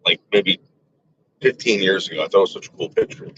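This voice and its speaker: Rambling man telling a story, low voice. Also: expressive, a little fast, fairly bright tone, lo-fi sound, slight background noise. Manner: rambling, lots of fillers and restarts; acts out quoted relatives with voice shifts. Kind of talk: casual storytelling.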